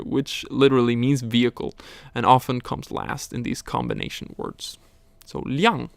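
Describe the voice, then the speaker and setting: A man teaching a recorded language lesson, slowly explaining words, tones and examples. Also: mid-range voice, vocal fry, clear, resonant tone, no room sound.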